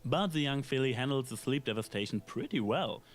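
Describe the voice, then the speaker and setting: A man reading a scripted episode review in a measured, analytical way, with dry asides. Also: mid-range voice, expressive. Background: faint background music.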